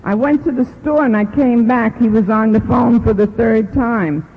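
A middle-aged woman gives an animated personal testimony at a recovery meeting, acting out the voices she quotes. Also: fairly high pitch, normal speed, husky. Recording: lo-fi recording in a reverberant hall.

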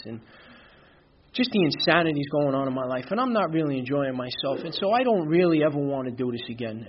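A man's voice: medium pitch, lo-fi sound, slight background noise. A man, from Brooklyn, telling a candid personal recovery story in a conversational way, with many fillers. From Brooklyn, New York. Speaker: recovery speaker. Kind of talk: personal testimony talk.

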